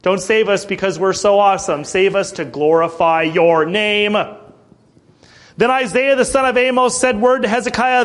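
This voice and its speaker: A man with a high voice preaches a sermon and reads scripture aloud. He keeps asking the congregation rhetorical questions. When he fires them up, his voice climbs and gets louder. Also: normal speed. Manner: rhetorical questions, swells louder and higher when stirring the crowd.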